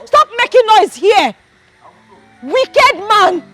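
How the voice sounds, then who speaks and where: A fiery young wife loyal to her husband. Her voice sits very high and leaps around as she scolds and repeats herself. Faint film music plays underneath. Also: very animated, slow, fairly bright tone, heavily acted. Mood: furious. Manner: indignant, scolding, repeats accusations. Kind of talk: film drama acting.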